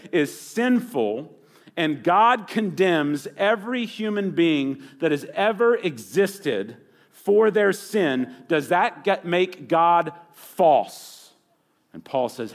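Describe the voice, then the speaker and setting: Male preacher, emphatic, big swings in volume, expository sermon delivery. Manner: emphatic, rising to loud punchlines and dropping low at phrase ends.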